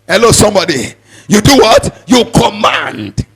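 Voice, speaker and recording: A male preacher giving a sermon in a sing-song cadence, repeating words as he builds and breaking into sudden shouts. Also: sits high, very animated, unhurried, breathy edge.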